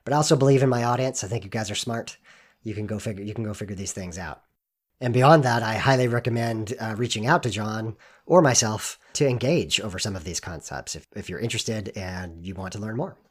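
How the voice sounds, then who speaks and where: A man hosting a podcast, talking in an earnest, measured way with frequent filler words. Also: lowish voice. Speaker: podcast host. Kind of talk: podcast introduction and interview.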